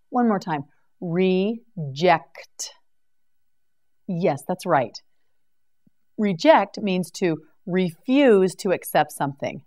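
Woman teacher, lowish voice, very slow, careful word-by-word drilling. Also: a little mellow. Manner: slow, carefully articulated, repeats words for practice. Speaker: English vocabulary teacher. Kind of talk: slow scripted vocabulary drill.

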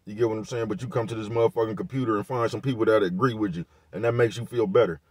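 A man with a lowish voice speaks in in a loose, repetitive rant. He drops slang and profanity all the way through, recorded dry and close with no room sound. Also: fairly even intonation, racing, no room sound. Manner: laid-back, repetitive, peppered with slang and profanity. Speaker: vlogger giving commentary. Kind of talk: casual rant to camera.

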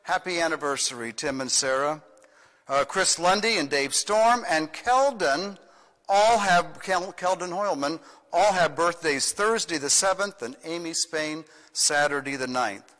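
A man's voice: a little high, expressive, a little slow, fairly bright tone, big-room sound. An older man, a pastor, singing a children's song and giving church announcements in a folksy, playful way. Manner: sings with guitar, folksy and playful.

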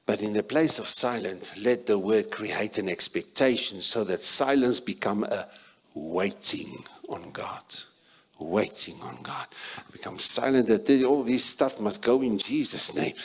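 A South African man preaching a sermon as a pastor, emphatic, shifting between loud and soft passages. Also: lowish voice.

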